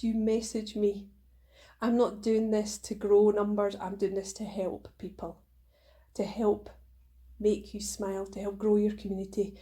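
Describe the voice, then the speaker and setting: Mellow-voiced woman hosting a motivational podcast. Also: mid-range voice. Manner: warm, earnest and emotional, encouraging listeners. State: tearful at times. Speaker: podcast host.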